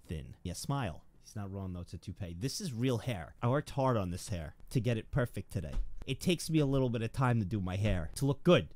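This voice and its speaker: A man in his twenties, a streamer in casual livestream chat, animated and prone to loud excited outbursts. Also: fairly low pitch, brisk. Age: 20s.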